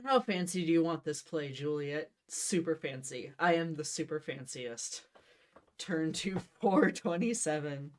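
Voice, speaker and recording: A woman's voice: low voice, animated, unhurried. A woman narrates a choose-your-own-path story in a casual, friendly way. She reads with a playful lilt and breaks off into light asides. The tone stays loose and unpolished. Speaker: co-host reading an interactive book.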